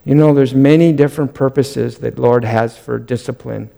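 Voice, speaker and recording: A man's voice: medium pitch, fairly even intonation, normal speed, creaky, dark tone. A middle-aged man, a pastor, preaching an earnest sermon, often lifting his voice on emphatic questions.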